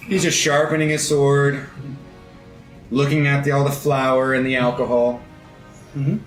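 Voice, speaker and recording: A man's voice: medium pitch, level tone, unhurried. A man narrating a tabletop game as game master in a casual, laughing way. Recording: roomy sound with faint music.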